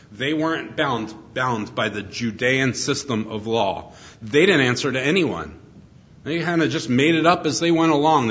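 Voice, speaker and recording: A man's voice: medium pitch, fairly bright tone, lo-fi sound. A middle-aged man preaching an expository sermon, earnest and emphatic, asking his listeners rhetorical questions. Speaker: pastor.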